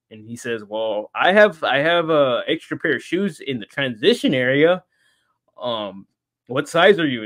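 A man, an interview guest, telling a story in casual chat, animated and laughing often. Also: medium pitch. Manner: animated, acts out quoted voices, laughs often.

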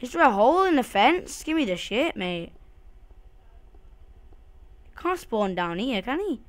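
A woman's voice: on the high side, very animated, measured pace. A woman giving casual, jumpy commentary while she plays a game, swearing often and talking to herself and to the game. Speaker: let's play host.

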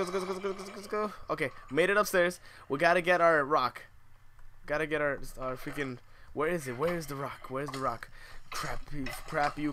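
A man's voice: medium pitch, pushed and bright, a little hiss or hum. A young man commentating his own survival game, swinging between muttered asides and shrieking outbursts full of swearing. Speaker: gamer.

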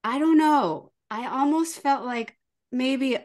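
Middle-aged woman on a podcast, high voice, animated anecdote teller. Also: takes it slowly. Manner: lively, acts out her children's voices. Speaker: podcast guest. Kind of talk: casual storytelling.

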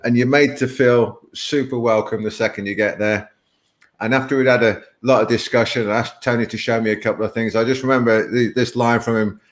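A man's voice: medium pitch, steady tone, a little fast. A man hosting a live webinar, chatting and telling stories with frequent laughs. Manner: chatty, laughs often, rambling storytelling. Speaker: webinar host. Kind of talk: casual live webinar chat.

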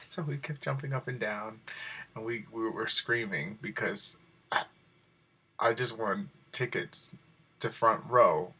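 A man vlogs casually in a somewhat low voice with a bright, tense edge and a husky grain. He tells his story in an excited, rambling way and leans on fillers as he goes. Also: unhurried. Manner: excited and rambling, many fillers like "like" and "you know". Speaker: video blogger.

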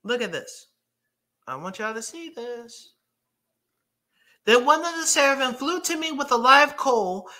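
A man's voice: extremely high pitch, bright, forceful tone. A man preaching a sermon, reading scripture aloud emphatically and breaking into casual asides to his congregation.

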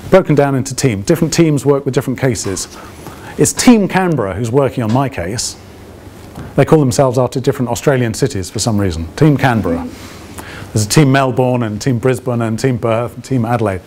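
A man's voice: mid-range voice, fairly quick, mellow, a little hiss or hum. A man giving an open lecture to alumni in a conversational way, often checking with the audience through rhetorical questions and dry, ironic asides. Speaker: guest lecturer.

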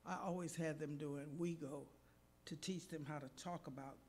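With a low voice at normal speed and a little hiss or hum in the background, a woman preacher in church tells a personal story in her sermon. She animatedly acts out each person's voice.

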